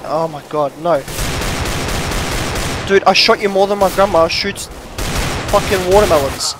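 A man commentating his own shooter gameplay, swinging between frustrated shouts, rants and quiet muttering. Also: a little high, normal speed, long pauses, background noise. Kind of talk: gaming commentary. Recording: game gunfire behind the voice. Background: gunfire from the game.

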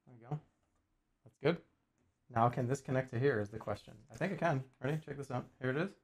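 A man in his forties talks fast in a mid-range, slightly rough voice. On a casual livestream, he jokes and swears with viewers as he assembles a puzzle.

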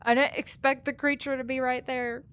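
A young woman playing horror games on her channel, gasping and reacting out loud as she goes. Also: sits high, normal speed, a little hiss or hum. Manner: excitable, yelps and gasps. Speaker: gaming YouTuber.

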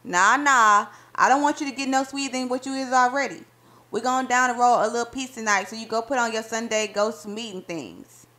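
A woman's voice: fairly high pitch, a little fast, bright, forceful tone. A woman reading aloud as a boastful young husband, bantering playfully in folksy dialect. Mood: teasing.

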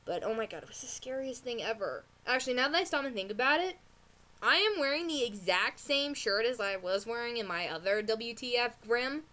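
A woman with a fairly high voice rants to camera in a casual vlog review. She rambles, restarts, gasps and cries out in excitement, talking straight to her viewers. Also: brisk. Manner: excitable, rambling, gasping and exclaiming. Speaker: vlogger reviewing a TV episode.

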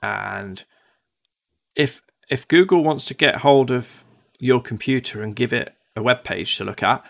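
A man's voice: mid-range voice, measured pace, creaky, a bit bright. A man from the UK teaching one-to-one in a casual, chatty way, often acting out devices in silly voices. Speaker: tutor.

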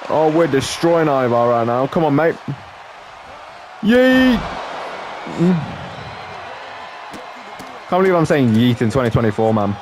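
A man's voice: mid-range voice, quick pace, hardly any pauses, a crowd in the background, background noise. A man giving casual, joking let's-play commentary, laughing often and calling people mate. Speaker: gameplay commentator.

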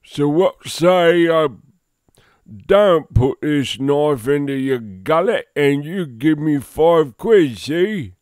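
A brash, bellowing Cockney street thug, put on by a man, swaggers through his threats. His voice is loud and rough with a lively, bouncing pitch. The recording is close and dry. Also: slow pace, no echo. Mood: menacing. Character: loud rough lower-class London street thug, menacing.

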